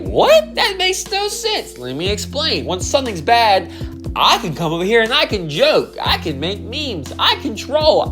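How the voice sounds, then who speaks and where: A man ranting to camera about wrestling, profane, exasperated and emphatic. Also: high-pitched. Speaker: wrestling commentary video creator. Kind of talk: opinionated rant to camera.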